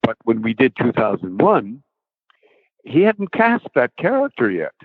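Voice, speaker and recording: A man's voice: medium pitch, wildly swooping pitch, measured pace, no room sound, narrow, tinny audio. An older actor recalling his work in an interview, speaking hesitantly, with many restarts and ums. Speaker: guest actor. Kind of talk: interview recollection.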